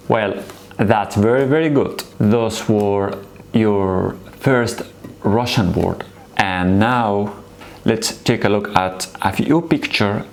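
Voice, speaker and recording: Slow, patient male language teacher. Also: on the low side, a little mellow, a little hiss or hum. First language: Arabic. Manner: patient, repeats words slowly and encouragingly. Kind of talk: slow beginner language lesson.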